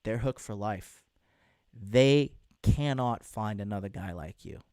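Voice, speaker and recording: A man's voice: fairly low pitch, slow, darkish tone, no echo, clean studio sound. A man hosting a casual livestream as a dating coach, talking bluntly and crudely to viewers and reading out chat.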